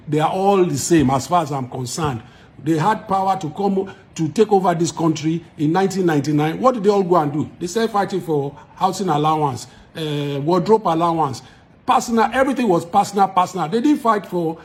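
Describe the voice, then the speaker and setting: A man's voice: high voice, expressive, brisk. A man with a Nigerian accent, a musician speaking straight to his followers in an emphatic, argumentative way, repeating points for force. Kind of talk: direct-to-camera address to followers.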